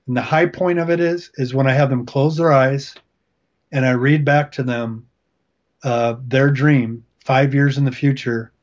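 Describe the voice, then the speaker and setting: A man's voice: medium pitch, fairly even intonation, a little slow. A man speaking as a guest author and coach in a faith-based interview, talking in an earnest, encouraging way with emphatic repetitions.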